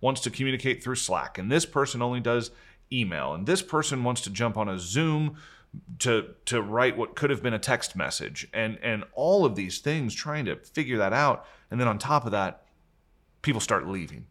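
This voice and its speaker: On a video call, a company leader who also hosts a podcast candidly recounts a long story. He sounds earnest, animated, and fairly bright in a mid-range voice, frequently restarting sentences as his pace rises and falls.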